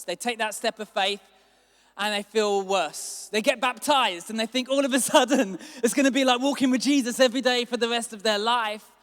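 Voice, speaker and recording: High-voiced pastor preaching. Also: male voice. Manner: animated, acts out quotes with big swings in loudness. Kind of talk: sermon. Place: church hall. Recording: long hall reverb.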